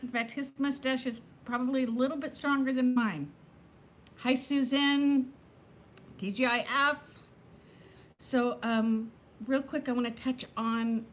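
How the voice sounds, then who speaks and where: A woman's voice: a little high, slight background noise. Chatty woman in her fifties. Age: 50s. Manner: chatty, greets viewers by name, jumps between topics. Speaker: livestream host. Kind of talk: casual live chat with viewers.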